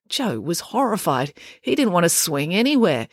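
A woman reading a children's adventure story aloud, lively and expressive. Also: on the low side, moderate pace, dry recording. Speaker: audiobook reader. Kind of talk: scripted storybook narration.

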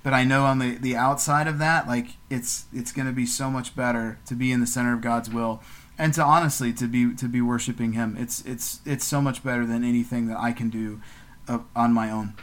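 Man, mid-pitched voice, earnest, halting, spoken prayer, podcast co-host. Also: steady tone. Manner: earnest, halting with repeated words. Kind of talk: casual chat and spoken prayer.

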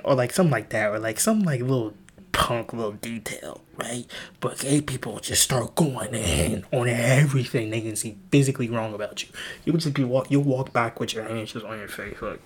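A man's voice: mid-range voice, a little fast, husky. A young man hosting a podcast, rambling in casual chat with frequent stammering restarts. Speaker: podcast host.

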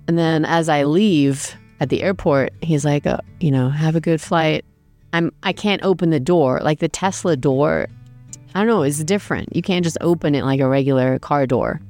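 A woman's voice: sits low, moderate pace, a little mellow, soft background music. A woman casually telling a travel story, chatty and self-deprecating, with many fillers.

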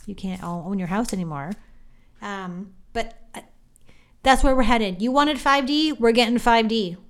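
Chatty woman with a smooth, clear voice. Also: medium pitch. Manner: chatty and emphatic, addresses listeners directly, repeats phrases. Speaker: psychic podcast host. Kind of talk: casual spiritual monologue.

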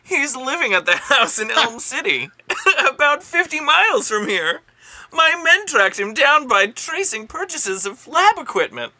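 Brash, gruff woman detective from a storybook read aloud, as a podcaster puts her on. She sounds pushy and coach-like, pitched a little higher, with a very bright, sharp edge and a lively, swooping delivery. The recording is dry and close. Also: measured pace, dry recording, heavily acted. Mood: boastful.

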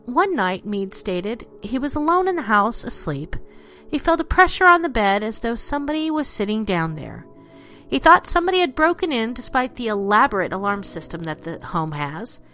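Lively, dramatic woman storyteller. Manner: expressive, drops low and slows for spooky lines. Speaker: narrator.

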